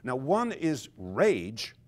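A man's voice: medium pitch, huge pitch swings, drawn-out words, darkish tone. An older man, a conductor and author, explaining music with animation in conversation and singing phrases to illustrate his points.

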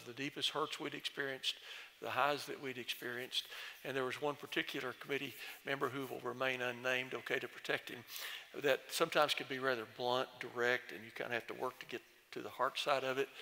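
An older man, a former committee chairman, telling gently humorous stories in a speech at a church celebration. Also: mid-range voice. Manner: folksy, gently humorous storyteller. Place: large church sanctuary. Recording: long church reverb.

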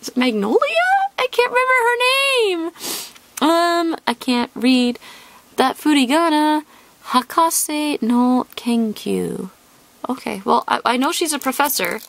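Bubbly high-pitched woman opening card packs. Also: lively intonation, unhurried, vocal fry. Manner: bubbly, squealing over cute cards, chatty asides to viewers. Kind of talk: casual unboxing chatter.

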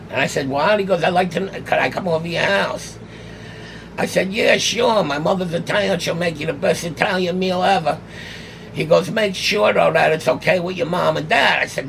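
A man's voice: fairly high pitch, gravelly, a little hiss or hum. An older man, telling a long story casually and acting out the dialogue as he goes. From New York City. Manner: animated, acts out quoted dialogue. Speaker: guest, autograph collector.

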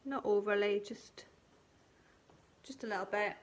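A woman teaching colouring and shading on a live stream, talking gently step by step and thanking viewers by name. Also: mid-range voice, measured pace. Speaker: craft tutor.

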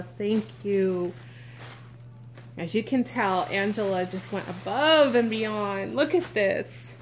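A woman's voice: mid-range voice, slight background noise. A woman vlogger chatting through an unboxing, gushing and exclaiming with frequent gasps. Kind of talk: unboxing vlog chat.

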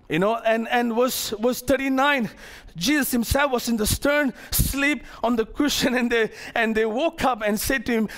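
A man preaching a sermon as pastor to his congregation, animated, acting out the characters of the story and joking with the crowd. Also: very high-pitched, moderate pace. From Malaysia. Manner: playful asides to the congregation.

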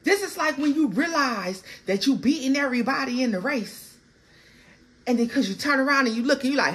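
A woman giving a casual, animated tarot reading, blunt and full of profanity. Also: sits high, brisk. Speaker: tarot reader.

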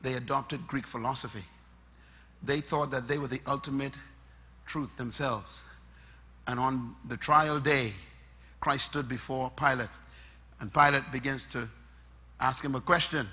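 A man preaching a sermon, emphatic and point by point, swinging between loud bursts and soft asides. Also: mid-range voice, normal speed, breathy edge.

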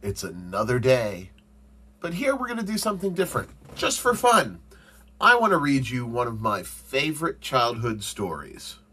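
A male teacher reading a storybook aloud for children, with expressive, animated delivery. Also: medium pitch, moderate pace, husky.

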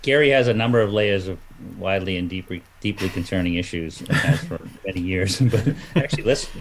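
A man's voice: deep voice, a little fast, slight background noise, poor audio. A man talking as a guest comic artist in a casual chat, rambling through memories with lots of fillers and restarts.

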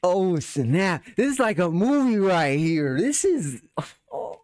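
A music reaction host who talks in excited exclamations. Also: medium pitch, slow, no echo, clean studio sound.

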